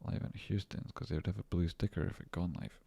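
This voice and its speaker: Male trading streamer, very low voice, loose rambling chat with jokes and swearing. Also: fairly even intonation, fast talker, vocal fry, mellow, slightly rough. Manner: rambling, joking and swearing while reading chat. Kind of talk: casual livestream chat.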